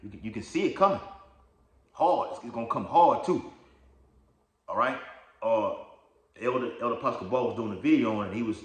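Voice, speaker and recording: A man's voice: mid-range voice, expressive, brisk, long pauses, reverberant. A man giving an informal religious teaching, rambling and checking in with "okay?" and "all right?", reading verses aloud. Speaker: lay preacher.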